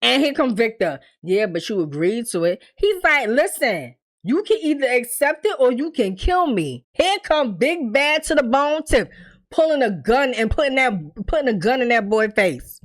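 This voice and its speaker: A woman's voice: sits high, moderate pace. A young adult woman giving a casual, profane TV recap, bluntly acting out the characters' lines as she tells the story. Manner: blunt, profane, animated storytelling with quoted dialogue. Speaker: TV recap host.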